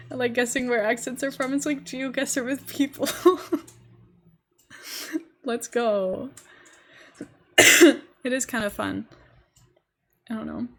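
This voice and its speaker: A woman's voice: fairly high pitch, slow, pauses often, a bit bright. A young woman with a posh English accent, chatting casually and giggling as she streams a game. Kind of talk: casual live-stream chat while gaming.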